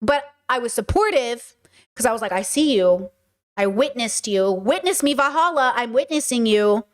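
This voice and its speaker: A woman's voice: on the high side, lively intonation, normal speed. A woman hosting a casual chat stream, talking in an emphatic way with lots of fillers. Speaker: streamer and host.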